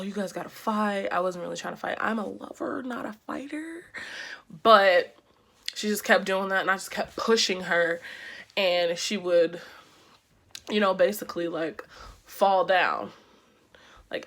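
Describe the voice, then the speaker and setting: Lively young woman telling a storytime. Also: on the low side. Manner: animated, slangy storytelling with quick asides. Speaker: vlogger. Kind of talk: storytime vlog.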